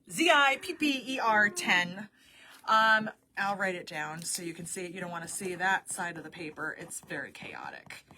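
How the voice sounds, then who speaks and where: A woman running a casual live stream for her shop, chatty and quick to laugh. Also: a little high, sharp tone.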